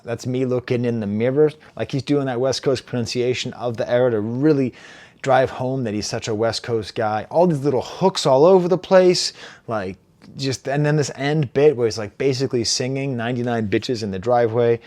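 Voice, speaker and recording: A man in his forties giving a casual, animated album review, reading lyrics aloud and laughing at himself. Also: medium pitch, normal speed. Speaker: music reviewer.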